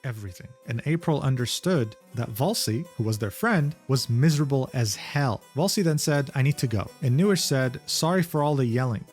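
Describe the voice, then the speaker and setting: A man's voice: mid-range voice, darkish tone. Man narrating a commentary over faint music. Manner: reads out messages, sardonic asides.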